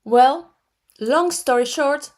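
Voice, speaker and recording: A woman in her forties with an Argentine Spanish accent, teaching metaphysics in a slow, deliberate way with frequent restarts. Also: high voice, a little mellow. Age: 40s. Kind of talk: spiritual teaching talk.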